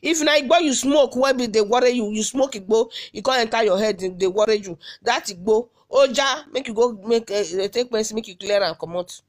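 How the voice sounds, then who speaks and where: A woman's voice: mid-range voice, brisk, hardly any pauses. A woman with a Nigerian Benin accent recording a scolding audio message, firing off repeated rhetorical questions. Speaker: social media commentator.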